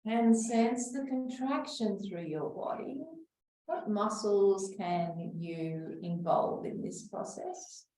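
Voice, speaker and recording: Female instructor, calm and steady cueing, dark mellow tone, recorded far off mic in a roomy space. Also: medium pitch. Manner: calm, slow cueing of breaths with soft whispered moments. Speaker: exercise class instructor. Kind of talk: guided breathing and back-care class. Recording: echoey room, voice from far off the mic.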